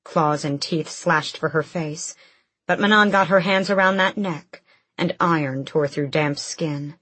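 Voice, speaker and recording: A woman narrating a fantasy audiobook in a measured, steady storytelling manner. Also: sits low, breathy edge, no room sound.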